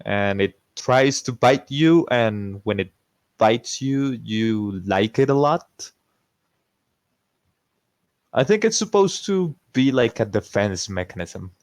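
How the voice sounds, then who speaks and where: A man's voice: medium pitch, expressive, slow, no echo. A man playing in an online tabletop game, chatting playfully and laughing often. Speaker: player. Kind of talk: casual role-play chat.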